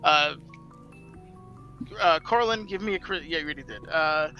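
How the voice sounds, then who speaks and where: A man with a very bright, high-set voice runs a tabletop game as dungeon master. He stammers through his rulings with many fillers and laughs often. Soft music plays behind him. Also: moderate pace, muffled recording.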